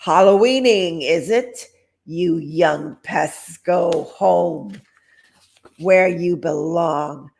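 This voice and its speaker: A woman voicing a grumpy old man who scolds children in a slow, gruff way. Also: on the low side, a little mellow, full character voice. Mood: scolding.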